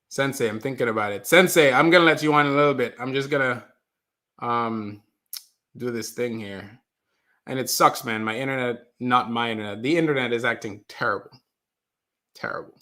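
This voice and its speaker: A man hosts a casual live stream from a basement, in a voice of ordinary middle pitch. He chats loosely with his viewers and reads their comments aloud. He keeps apologizing whenever the stream freezes. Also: fairly bright tone. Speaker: livestream host. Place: mother's basement.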